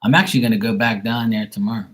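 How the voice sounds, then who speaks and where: A man's voice: lowish voice, steady tone, very fast, rough recording. A man hosting a live stream, rambling through a casual story in streetwise slang with lots of swearing and acted-out conversations. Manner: acts out both sides of conversations. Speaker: live stream host giving readings.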